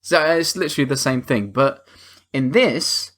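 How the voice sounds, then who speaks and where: A man's voice: mid-range voice, lively intonation, normal speed, a bit bright. A man co-hosting a podcast, animatedly retelling scenes with swearing and laughter. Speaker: podcast co-host. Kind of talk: casual chat.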